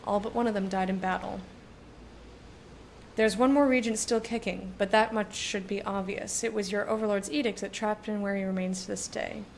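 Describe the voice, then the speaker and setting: A woman's voice: medium pitch, fairly even intonation, normal speed, creaky, a little hiss or hum, lightly acted. A woman reading aloud as a stern, battle-hardened male soldier guard in a video game, curt and firm.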